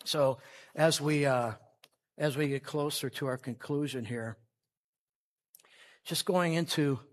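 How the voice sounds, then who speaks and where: A man preaching a sermon with fervor, his voice sitting a little high for a man. He swings from loud, passionate stretches to quiet, earnest ones. He acts out the characters of a parable in their voices. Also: slow. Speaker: pastor.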